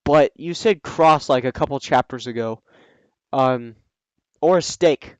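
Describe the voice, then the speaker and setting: A man reading a story aloud and breaking in with sarcastic, scoffing asides, often pausing with ums. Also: medium pitch, smooth, dry recording, poor audio. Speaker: reader and commentator. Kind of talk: reading a fan story aloud with mocking commentary.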